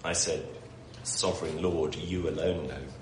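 A man's voice: rumbling low, fairly even intonation, a little slow. A man giving an informal Bible talk to a morning group, reading scripture aloud with a self-deprecating manner. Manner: self-deprecating, laughs while talking. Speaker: Bible teacher. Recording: echoey room with background noise.

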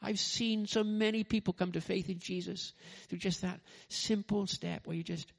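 Male preacher, fairly high voice, lively sermon delivery with asides and restarts. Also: normal speed, vocal fry, breathy edge. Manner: animated, acts out quotes, frequent "you know" and restarts. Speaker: pastor.

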